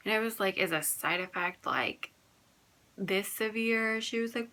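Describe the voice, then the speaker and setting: A woman's voice: on the high side, pushed and bright. A young woman retelling her birth story in a casual, rambling way, full of "like" and quoted dialogue. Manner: fast, filler-heavy retelling with quoted dialogue.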